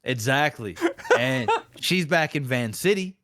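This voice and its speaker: A man co-hosting a casual gaming podcast, telling an animated story that acts out a made-up scenario. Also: medium pitch, measured pace. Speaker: podcast co-host.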